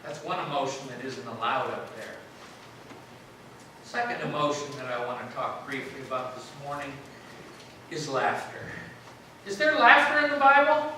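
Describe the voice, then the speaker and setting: A man's voice: mid-range voice, big pitch swings, moderate pace, pauses often, sharp tone, slight background noise. A man preaching a sermon to his congregation in a chatty, joking way, often asking them questions. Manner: chatty, jokey, keeps quizzing the congregation. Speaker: pastor. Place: church sanctuary. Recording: very echoey church, mic at a distance.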